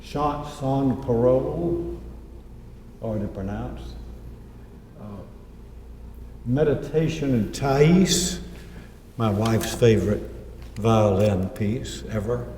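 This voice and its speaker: A man's voice: mid-range voice, slow, long pauses, mellow, a little hiss or hum. Man lecturing in an echoey hall. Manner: anecdotal, quotes people in his own voice. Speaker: author giving a talk. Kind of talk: lecture with slides. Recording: echoey hall, mic far off.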